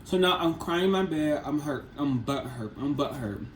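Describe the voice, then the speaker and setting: A man's voice: a little high, expressive, normal speed. A man in his twenties telling a personal story in a casual vlog, rambling and repeating himself with lots of fillers. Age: 20s. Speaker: vlogger. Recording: echoey room, faint background noise.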